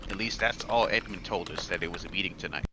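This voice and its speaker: A man playing a tabletop game in casual chat, laughing often and sounding animated and easily confused. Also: low voice, fast, background noise.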